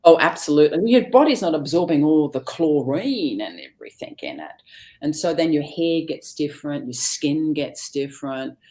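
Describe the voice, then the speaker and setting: A middle-aged woman with a fairly low-pitched voice tells stories from home in a casual, animated way. She slips into the voices of her family as she speaks, and she laughs easily. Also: moderate pace. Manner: animated storyteller, acts out family dialogue. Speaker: guest. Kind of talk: casual chat.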